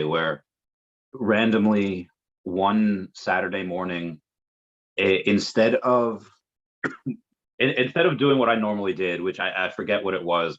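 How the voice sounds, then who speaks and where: A man's voice: sits low, a bit bright. A man talking as an interview guest, chatty and rambling, with lots of fillers. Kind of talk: casual conversation. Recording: muffled lo-fi audio.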